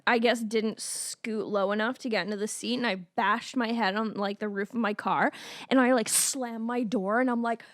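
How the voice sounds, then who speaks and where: A young woman with a high voice co-hosting a podcast in a loose chat. She laughs often, swears, and acts out her own angry outbursts. The recording is dry and close. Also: steady tone, normal speed, no echo. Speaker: podcast co-host. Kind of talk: casual chat.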